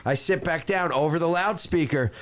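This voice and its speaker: A young man in casual podcast chat, telling a story in an animated way, acting out the people in it and swearing freely. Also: fairly high pitch, moderate pace. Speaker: podcast co-host.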